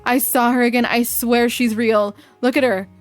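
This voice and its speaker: A woman's voice: a little high, fairly even intonation, normal speed, soft background music, lightly acted. A woman voicing a scared young woman who insists to her friends that she saw a vampire. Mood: insistent.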